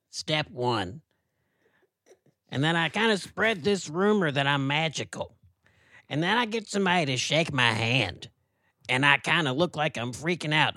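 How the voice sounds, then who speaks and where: Man doing a rural possum guy, deadpan drawl, comedy podcast, close dry mic. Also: fairly high pitch, no echo. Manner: folksy drawl, deadpan rambling. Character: folksy rural male possum character, Mister Possum. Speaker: co-host. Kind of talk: comedy podcast character banter.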